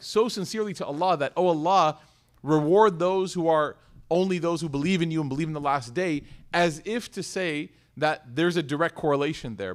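A man teaching a sermon in a conversational, animated way, telling a personal story and asking rhetorical questions. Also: fairly high pitch. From United States. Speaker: Islamic teacher.

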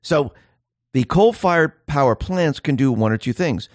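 A man's voice: fairly high pitch, animated, a little slow, a little mellow, no room sound, clean studio sound. A man hosting a political commentary monologue. He speaks emphatically, fires off rhetorical questions and acts out the voices of ordinary people.

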